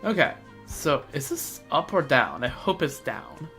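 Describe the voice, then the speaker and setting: A man's voice: fairly high pitch, big pitch swings, measured pace, gravelly, sharp tone, soft background music. Stammering young man doing game commentary. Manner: rambling, stammers and repeats words. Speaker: streamer playing a game. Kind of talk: casual gameplay commentary.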